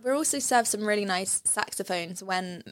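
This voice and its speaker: A woman's voice: medium pitch, no echo, clean studio sound. Giggly woman co-hosting a film chat. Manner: giggly, playful, quick to laugh. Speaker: podcast co-host. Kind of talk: casual chat about a film.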